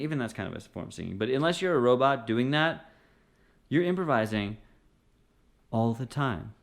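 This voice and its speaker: A man teaching singing straight to the camera in a relaxed, encouraging way, now and then singing short phrases. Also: mid-range voice, moderate pace, creaky, pauses often. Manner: encouraging, conversational, often sings short phrases. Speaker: music teacher. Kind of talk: direct-to-camera singing lesson.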